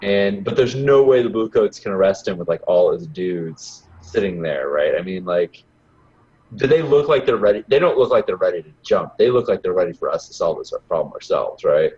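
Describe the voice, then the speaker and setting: A man's voice: low-pitched, expressive, normal speed, a little mellow, dull audio. A man playing a tabletop game, asking questions and thinking aloud. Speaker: player. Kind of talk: casual tabletop play.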